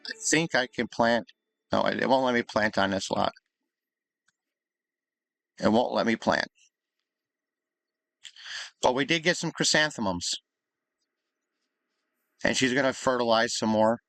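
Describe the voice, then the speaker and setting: A man's voice: medium pitch, a little slow, vocal fry, long pauses, a bit bright, no echo. A man casually commenting on his life-sim gameplay, thinking aloud in an easygoing, chatty way. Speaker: gaming YouTuber.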